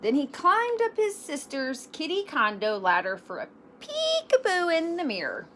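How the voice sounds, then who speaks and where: Animated woman reading a picture book. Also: high-pitched, moderate pace, a little hiss or hum. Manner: animated, self-deprecating asides. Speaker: storybook reader. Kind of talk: children's book read-aloud.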